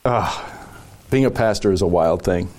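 A man's voice: deep voice, measured pace, darkish tone. A man, a pastor giving long, thoughtful answers in a casual podcast chat, with frequent chuckles. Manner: thoughtful, rambling, chuckling often.

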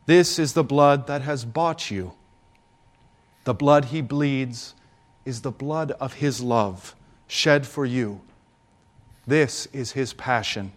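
A man preaching a Good Friday homily with solemn, deliberate delivery and dramatic pauses. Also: medium pitch.

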